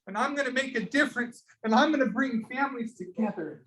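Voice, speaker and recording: In an echoey classroom, a teacher coaches an entrepreneurship class, pushing students hard, sounding fired up and calling on them by name. The mid-range voice moves a little fast over a noisy crowd.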